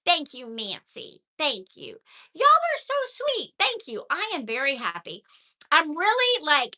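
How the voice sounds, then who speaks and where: An older woman talks casually to her viewers, chatty and animated. Her voice sits high and swoops in a lively way, with a very bright tone. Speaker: vlogger reading live chat.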